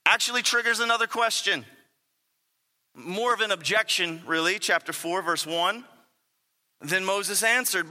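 A man preaching a sermon in an animated way, with stammering restarts and rhetorical questions. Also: high voice, a little slow, long pauses, long reverb tail.

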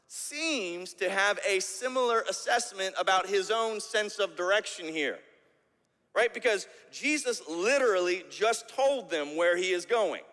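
A man's voice: sits high, sharp tone, long reverb tail. A man preaching a sermon as pastor, tagging his points with "right?" and often repeating words as he restarts.

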